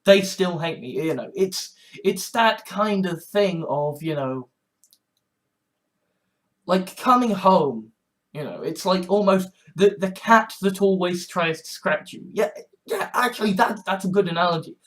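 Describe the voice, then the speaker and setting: A man in his twenties in a rambling vlog monologue, halting and sardonic, with many restarts. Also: high-pitched, lively intonation, fairly bright tone. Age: 20s. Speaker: vlogger.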